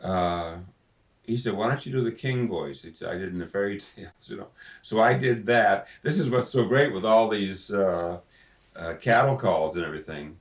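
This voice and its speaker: A man, a voice actor, telling anecdotes in an interview in an animated way, slipping into voices. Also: deep voice, normal speed, dull audio. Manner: animated storyteller, slips into voices. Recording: roomy, distant mic.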